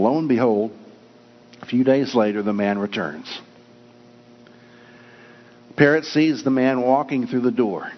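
A man's voice: medium pitch, dull audio. Earnest male preacher in a reverberant hall. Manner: storytelling, earnest, with restarts. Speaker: pastor. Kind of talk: sermon.

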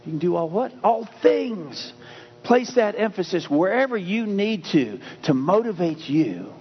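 A man's voice: high voice, very animated, normal speed. A man preaching a sermon, emphatic and repetitive, shifting the stress from word to word. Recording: dull lo-fi sound with faint hum.

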